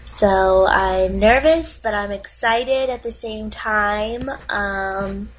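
A woman's voice: medium pitch, slight background noise, poor audio. Woman playing a weepy cat-obsessed young woman. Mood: nervous. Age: young adult. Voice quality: weepy, halting, many ums. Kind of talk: comedic online video acting.

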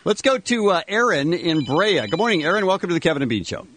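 A man hosting a morning radio show, joking and quick to laugh while taking calls. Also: high-pitched, big pitch swings, fairly bright tone.

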